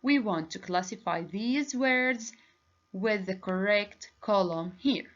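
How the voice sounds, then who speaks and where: Woman teacher, very slow and careful delivery, mid pitch, muffled lo-fi sound. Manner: slow, deliberate, praising answers. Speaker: English teacher. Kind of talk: recorded classroom lesson. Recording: dull lo-fi recording.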